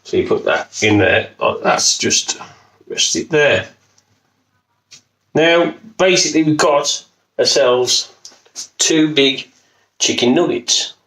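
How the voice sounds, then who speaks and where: A man's voice: on the high side, fairly bright tone. A man with a West Midlands accent, from Wolverhampton, chatting jokily and rambling as he demonstrates a recipe at home, swearing now and then. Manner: jokey, rambling, swears casually. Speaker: home cooking video host. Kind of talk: casual cooking demonstration. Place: home kitchen. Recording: echoey kitchen, voice off-mic.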